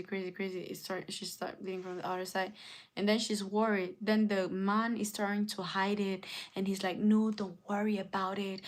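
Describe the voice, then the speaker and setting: A woman at an ordinary middle pitch, talking loosely to her live chat. She strings the story together with lots of "like" and "and then", and slips in quick lines for each side as she retells it. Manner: rambling retelling, acts out both sides with "she's like". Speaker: streamer.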